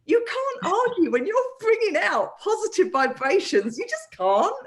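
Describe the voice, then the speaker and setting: A woman with an animated manner, chatting casually as co-host and laughing easily. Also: extremely high pitch, normal speed. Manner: animated, laughs easily, many "you know" fillers. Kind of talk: casual chat.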